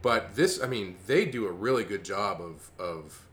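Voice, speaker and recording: A man co-hosting a casual chat about a cartoon, relaxed and thoughtful, often trailing off mid-sentence. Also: on the low side, normal speed, slight background noise. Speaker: podcast co-host.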